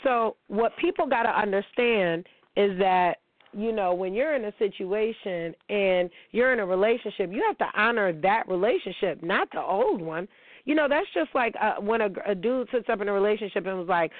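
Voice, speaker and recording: A woman's voice: mid-range voice, lively intonation, normal speed, no echo. A woman hosting a casual relationship-advice monologue, blunt, emphatic and full of swearing. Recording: tinny phone-like, dry sound.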